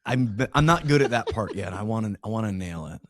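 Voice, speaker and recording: A man talking as a guest on a podcast interview in a casual, animated way, with frequent restarts and slang. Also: lowish voice, fairly quick, no room sound, clean studio sound.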